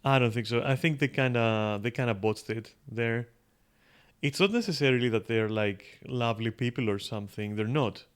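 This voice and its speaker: A man's voice: medium pitch, normal speed, clean tone. A man streaming a game, thinking aloud in loose, rambling talk full of fillers and casual swearing. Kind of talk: casual gameplay commentary.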